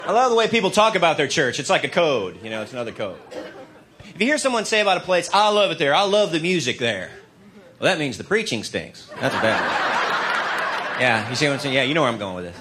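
A man's voice: mid-range voice, sing-song, fast, noisy background. A man performing a stand-up comedy routine on stage, with wry, playful asides. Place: stage before a live audience. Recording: live show with loud crowd laughter.

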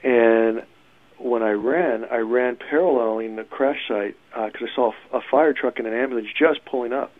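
A man tells his story in a halting, restarting way, full of small fillers. His voice comes through a tinny, narrow phone line. The sound is dry, with no room around it. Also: medium pitch, no room sound. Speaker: interviewee recounting an event. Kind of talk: personal account.

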